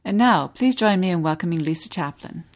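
A woman hosting a book podcast, reading a novel excerpt in a measured, expressive way and interviewing an author. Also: on the low side. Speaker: podcast host.

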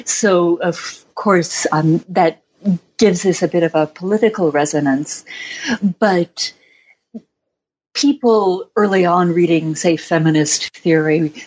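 A woman speaks slowly and thoughtfully, her voice slightly husky and a little low. She answers interview questions in a measured, reflective way. The recording sounds dull and lo-fi. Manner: reflective, measured, with soft laughs. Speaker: author being interviewed.

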